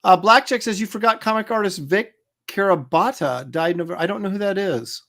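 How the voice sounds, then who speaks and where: A middle-aged man with a fairly high voice, chatting casually on a livestream. He sounds relaxed and talkative, reading out viewer comments as he goes. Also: fairly quick, creaky. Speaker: comic artist and show co-host.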